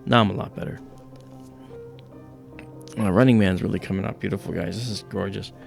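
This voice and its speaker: A man's voice: on the low side, steady tone, brisk, vocal fry, faint music behind. A man hosting a livestream, chatting casually and telling a personal story with many fillers and acted-out quotes. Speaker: livestream host.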